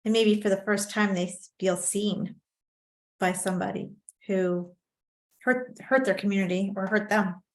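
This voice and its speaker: A woman moderating a virtual panel, speaking in a measured, emphatic way over a video call. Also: mid-range voice, steady tone. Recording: roomy echo.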